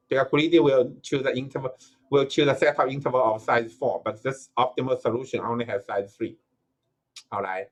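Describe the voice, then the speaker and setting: Male lecturer, average pitch, hesitant think-aloud delivery, faint music under. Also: fairly even intonation, moderate pace, long pauses. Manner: thinking aloud with frequent "uh" and self-corrections. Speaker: university lecturer. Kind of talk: recorded lecture.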